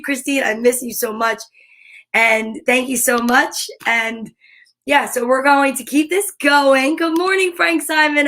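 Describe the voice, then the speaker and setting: A woman chats on a live stream in a bright, gushing way, her voice sitting a little high. She draws out her greetings slowly and sometimes drops to a soft, breathy whisper. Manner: effusive, gushing, greets viewers by name. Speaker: live-stream host and comedian. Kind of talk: upbeat live-stream chat.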